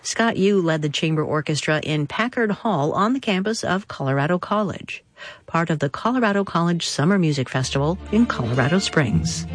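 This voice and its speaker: A woman hosting a classical music radio program, reading scripted narration in a smooth storytelling way. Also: low voice, lively intonation, moderate pace. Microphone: studio microphone.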